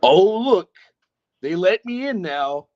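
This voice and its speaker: A man's voice: high voice, lively intonation, takes it slowly, darkish tone, dull audio. A man taunting and goading a rival in a heated online voice chat, in a mocking tone. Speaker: streamer calling in to a rival's stream. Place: online voice call.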